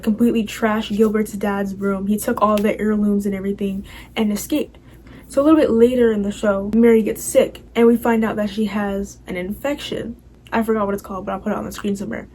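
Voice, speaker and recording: A woman's voice: mid-range voice, mellow, low-quality recording. Chatty young woman, rambling recap. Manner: rambling, full of "like" and "you know". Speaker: vlogger recapping a TV show.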